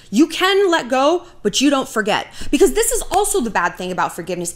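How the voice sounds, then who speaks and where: Animated, blunt woman in her thirties. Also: fairly high pitch. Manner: blunt and profane, dry sarcasm. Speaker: vlog host. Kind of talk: candid storytelling to camera.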